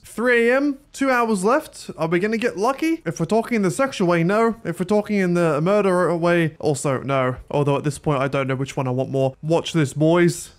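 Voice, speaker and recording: Aussie guy in his 20s rambling over a game, jokey and self-deprecating, voice sits kinda high. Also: moderate pace, few pauses. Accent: Australian. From Australia. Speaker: gaming YouTuber. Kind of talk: gameplay commentary.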